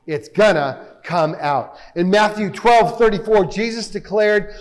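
High-voiced preacher in an echoing hall. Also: male voice, measured pace, hardly any pauses. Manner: emphatic, rhetorical questions, reads scripture aloud. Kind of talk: sermon.

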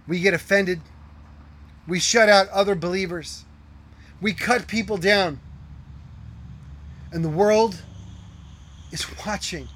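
High, bright-voiced male preacher. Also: slight background noise. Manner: earnest preaching with rhetorical questions, drops to hushed tones. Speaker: pastor. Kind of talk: sermon.

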